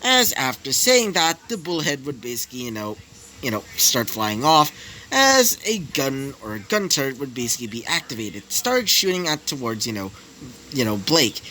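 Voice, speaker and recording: A man's voice: mid-range voice, sing-song, normal speed, bright, forceful tone, a little hiss or hum, rough recording. A man improvising a fan story, rambling with many fillers.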